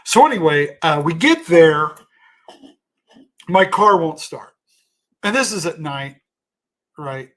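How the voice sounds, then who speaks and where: Man, slightly higher voice, loose chatty storyteller who restarts sentences. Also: animated, slow pace, long pauses, fairly bright tone. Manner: rambling, self-correcting, thanks donors mid-story. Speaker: comedian telling a story on a livestream. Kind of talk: casual storytelling.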